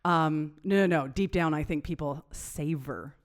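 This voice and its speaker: Woman on a podcast with a really low voice, breaks down research stuff, says yep a lot. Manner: explains research points, affirming with quick yeps. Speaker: podcast co-host. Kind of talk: casual podcast conversation.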